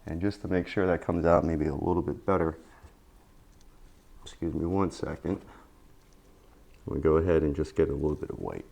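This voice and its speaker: A man teaching oil painting in a casual tutorial, tired after a long day, talking in relaxed, repetitive encouraging asides. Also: extremely low pitch, moderate pace, gravelly, long pauses. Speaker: painting instructor.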